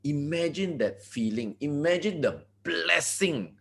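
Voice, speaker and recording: Malaysian-accented man, motivational speaker, bouncy and animated delivery. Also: a little high, measured pace, gravelly. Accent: Malaysian English. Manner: animated, repeats words, many asides. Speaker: network marketing leader. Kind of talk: motivational talk on a video call.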